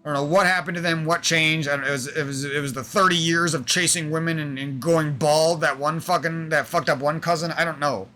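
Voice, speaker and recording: A man's voice: on the high side, steady tone, fairly quick, hardly any pauses, pushed and bright, soft background music. A young man streaming, venting in a rambling, aggrieved monologue full of swearing.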